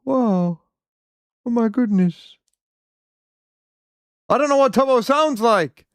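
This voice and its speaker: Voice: medium pitch, expressive, slow pace, dry recording, clean studio sound. A co-streamer chatting casually while watching a match, joking and muttering asides. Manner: joking, jumping between muttered asides and exclaims. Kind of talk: casual watch-party chat.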